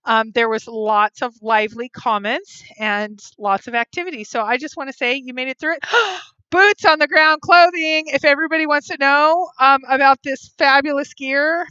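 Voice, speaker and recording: A woman's voice: high-pitched, fairly even intonation, moderate pace, few pauses, pushed and bright, clean tone, dry recording, highs cut off. A woman hosting a casual live stream, chatting and giggling with many ums while she reads viewer comments aloud into a phone or webcam mic. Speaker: vlog host reading live chat.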